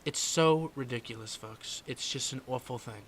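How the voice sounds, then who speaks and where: A brash, boastful older politician rambles in circles through a comedy podcast monologue, as a man puts on the voice. He stops to repeat himself and lets "folks" and "okay" drop to a mutter, all at a mid-range pitch. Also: normal speed, a little hiss or hum, lightly acted. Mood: rambling. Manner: rambling, repetitive, trails off quietly on "folks" and "okay". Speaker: podcast host doing an impression.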